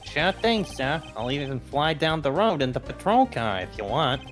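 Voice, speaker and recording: A man's voice: fairly high pitch, very animated, moderate pace. Loyal upbeat detective, goofy and eager, faint music behind by a man. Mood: cheerful. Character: cheerful, bumbling male police detective, loyal.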